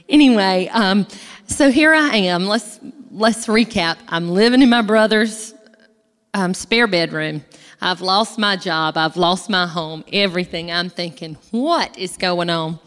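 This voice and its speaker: A woman gives a chatty church testimony from a stage, talking straight to the audience. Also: mid-range voice. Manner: folksy, chatty, addresses the audience directly. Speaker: speaker giving a testimony. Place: large hall, speaking from a stage. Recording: echoey hall with long reverb.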